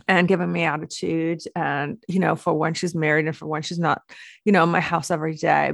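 Slow, gravelly-voiced woman podcast host. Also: fairly low pitch, dry recording, studio quality. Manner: earnest, affirming, slow and deliberate. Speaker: podcast host, aesthetic doctor. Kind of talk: heartfelt podcast monologue. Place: home office desk corner. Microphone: video call recording.

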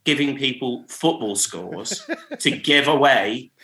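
A man's voice: mid-range voice, expressive, slow pace, pushed and bright. Chatty laughing man in a roomy room. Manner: laughs often, acts out callers and jingles. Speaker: radio programmer, podcast guest. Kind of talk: casual anecdotal chat.

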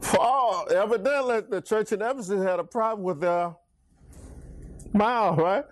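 A man's voice: high voice, a little slow. A middle-aged man preaching an interactive Bible study, telling stories and chatting back and forth with his congregation.

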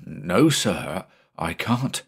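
A cautious first mate of a sailing ship, calm and respectful, as a narrator puts him on. He answers his captain briefly in a low, even voice close to the reader's own. A storybook reading. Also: a little slow. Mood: uneasy.

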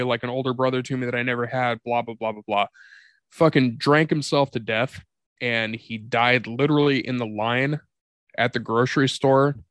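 A man's voice: mid-range voice, fairly bright tone, no echo. A man co-hosting a podcast, telling a candid personal story in a profane, confessional way. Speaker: podcast co-host. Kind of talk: candid comedic podcast conversation.

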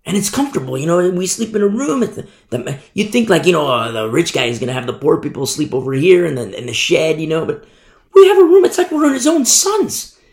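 A man's voice: fairly high pitch, animated, fast talker, hardly any pauses. A man preaching a Bible teaching in a conversational way, acting out little scenes as he goes. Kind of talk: sermon. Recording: echoey room.

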